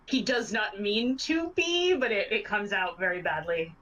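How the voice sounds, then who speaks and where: A woman's voice: medium pitch, unhurried, far from the mic, a crowd in the background, low-quality recording. A woman player on a podcast, reflective and hedging as she talks it through. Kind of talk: podcast Q&A chat.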